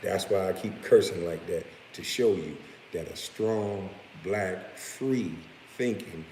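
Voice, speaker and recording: A very low-voiced man holds forth in a blunt, profane rant, breaking off now and then to chuckle at his own lines. His voice carries a long room reverb, with a faint hiss underneath. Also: mellow. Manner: blunt and profane, with laughing asides. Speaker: vlogger. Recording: roomy echo with faint hiss.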